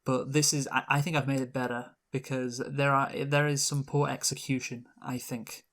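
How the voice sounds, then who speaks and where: A man's voice: mid-range voice, level tone, moderate pace, a bit bright. A man co-hosting a movie review podcast in casual chat, hesitant and wry, often restarting his sentences.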